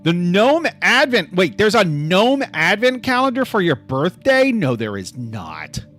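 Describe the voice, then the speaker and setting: A man's voice: sits high, very animated, unhurried, fairly bright tone, soft background music. A man hosting a casual live stream, sarcastic and full of mock outrage. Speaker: livestream host.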